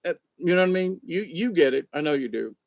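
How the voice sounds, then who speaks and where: Lively rambling male commentator. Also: fairly high pitch, fast, vocal fry, dry recording, dull audio. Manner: rambling, acts out imagined back-and-forth conversations; many restarts and repeated words. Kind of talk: casual spoken monologue.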